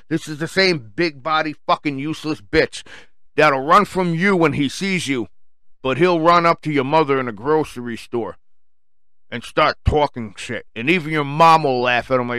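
A man's voice: fairly high pitch, bright, forceful tone, smooth, no echo. A man telling a story as an angry, mocking, profane rant.

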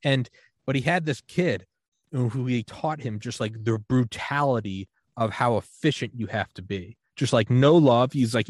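A man's voice: medium pitch, moderate pace, no echo. Guy rambling thru a story on a podcast, laughs a lot, dry close mic. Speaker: podcast co-host. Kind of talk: casual chat.

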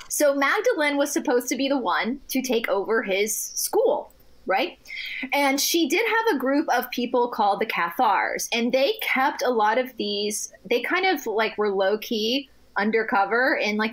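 A woman on a podcast telling stories in casual chat, animated, laughing often and restarting her sentences. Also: fairly high pitch, normal speed. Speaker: guest.

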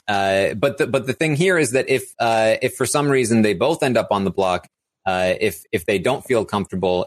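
Man, casual recap chat, laughs a lot, lots of ums and uhs. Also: deep voice. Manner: laughs often, many fillers, explains strategy at length. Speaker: podcast co-host.

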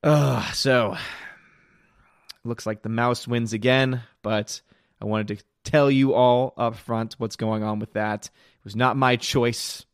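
A man's voice: medium pitch, steady tone, slow pace, clean tone, no echo, clean studio sound. A man hosting a casual live stream, greeting viewers by name and giving blunt, opinionated commentary. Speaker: livestream host reading chat.

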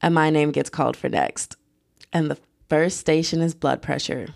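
A young woman tells a story straight to camera, chatty and full of fillers, acting out each quote. Her voice sits low and has plenty of vocal fry. The sound is dry and close, with no room around it. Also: normal speed, dry recording. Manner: chatty, lively retelling full of "like" and acted-out quotes. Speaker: vlogger. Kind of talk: casual storytime.

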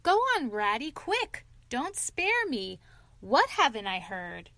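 Storybook: woman reading a showy, excitable toad gentleman, dry close sound. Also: on the high side, slow, dry recording, exaggerated voice. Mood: alarmed. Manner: dramatic, theatrical exclamations. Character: boastful excitable male toad, middle-aged.

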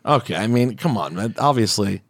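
A man's voice: fairly low pitch, animated, brisk. A man hosting a podcast, reading listener letters aloud with wry asides in casual chat. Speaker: podcast host.

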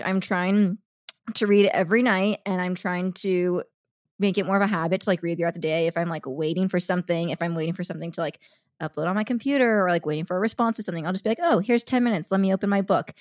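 A woman's voice: lowish voice, fast, no room sound, studio quality. A young woman co-hosting a podcast, chatting playfully and laughing often, speaking into a handheld mic. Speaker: podcast co-host. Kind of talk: casual chat.

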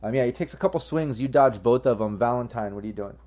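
A man narrating a tabletop game as game master. He talks casually and with profanity, stopping and restarting as he thinks, in a mid-pitched voice. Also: fast talker, dark tone.

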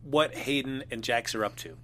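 Bright-voiced man in casual chat. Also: medium pitch, normal speed. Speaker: soap opera podcast co-host.

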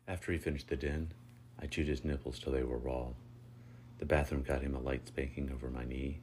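A man reading a first-person story aloud in a steady, unhurried way. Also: rumbling low, a little hiss or hum. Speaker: narrator.

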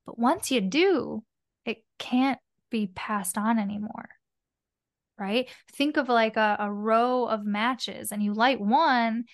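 This podcast guest, a spiritual mentor, has a fairly high-pitched voice and an unhurried delivery. She chats casually and expressively through the interview, dropping the occasional swear word and voicing her inner thoughts aloud.

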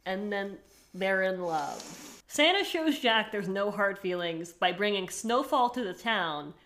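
A woman's voice: medium pitch, expressive, a bit bright, a little hiss or hum. A young woman co-hosting a podcast in casual chat, joking and laughing as she riffs. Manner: playful, riffs with jokes and quick laughs. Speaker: podcast co-host.

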